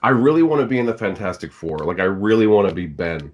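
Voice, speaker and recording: A man, a guest actor and audiobook narrator, chatting casually on a podcast, halting and stammering at times and swearing freely. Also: fairly low pitch, lively intonation, dull audio.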